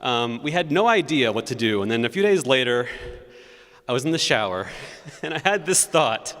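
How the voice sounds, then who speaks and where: A man's voice: medium pitch, a bit bright. A man, the church organist, telling the congregation the story behind a new hymn in a chatty, storytelling way. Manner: chatty, storytelling, sings note syllables to demonstrate. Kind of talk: spoken introduction to a hymn at a concert. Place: large church sanctuary. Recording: long church reverb.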